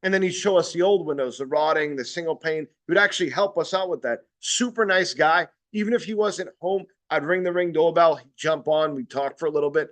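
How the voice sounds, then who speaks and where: A man with a somewhat high voice runs a casual sales training session. He rambles and restarts, swears freely, and keeps checking in with his listeners. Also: fairly quick, hardly any pauses, fairly bright tone.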